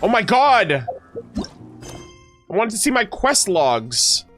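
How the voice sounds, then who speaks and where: A man streaming a game, reacting and joking excitedly with his chat as he plays. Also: high voice, drawn-out words. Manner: excitable, jokey, talks to chat. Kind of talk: casual gameplay reaction commentary. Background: faint game music.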